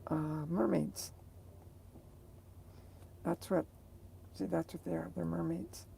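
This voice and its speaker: Slow gravelly low-voiced woman. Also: fairly even intonation, mellow, a little hiss or hum. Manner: rambling, hesitant, searching for words. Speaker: vlogger. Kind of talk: casual chat to viewers.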